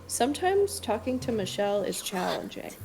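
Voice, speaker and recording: Lively woman telling a story. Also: medium pitch, moderate pace, gravelly, background noise. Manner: animated storytelling, acting out quoted voices. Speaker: streamer. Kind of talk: casual chat while gaming.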